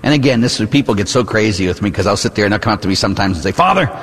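A man's voice: fairly low pitch, rapid-fire, slightly rough, in a large hall. A man, a Catholic priest, preaching a sermon in a church, talking to the congregation in a conversational way and asking rhetorical questions.

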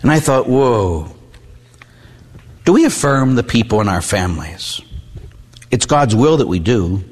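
A man's voice: mid-range voice, very animated, moderate pace, breathy edge. A middle-aged man, a Catholic priest, preaching a conversational sermon with personal stories and frequent "huh?" asides. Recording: long hall reverb.

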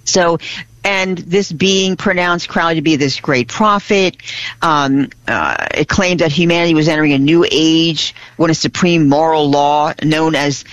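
A woman's voice: low voice, lively intonation, normal speed, no echo. A woman co-hosting a religious radio show, chatting animatedly and laughing often. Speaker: radio co-host. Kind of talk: casual radio chat. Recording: dull lo-fi radio audio.

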